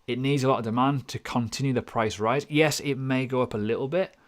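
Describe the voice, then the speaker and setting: A man hosts a casual livestream, talking loosely and joking at his own expense. His voice sits at an ordinary middle pitch, and his chat is slangy and relaxed. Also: a little fast. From United Kingdom. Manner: chatty, jokey, self-deprecating, with slangy asides. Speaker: crypto analysis livestream host.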